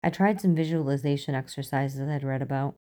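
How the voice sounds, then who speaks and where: A woman's voice: rumbling low, a little fast, dark tone. A woman reading the part of a tired, sleepless female FBI agent, speaking in a weary, clipped and self-conscious way.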